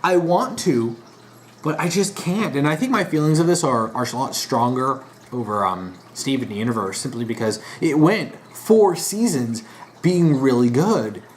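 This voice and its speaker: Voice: medium pitch, expressive, unhurried, a little hiss or hum. A vlogger in a casual monologue, rambling with restarts and sounding exasperated and disappointed. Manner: rambling, frequent restarts and fillers.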